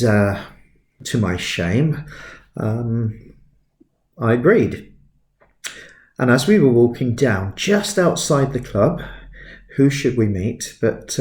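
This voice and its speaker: A man in his fifties giving a relaxed sketching tutorial, chatty and self-deprecating, drifting into stories as he works. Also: fairly low pitch, roomy sound. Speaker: art tutor.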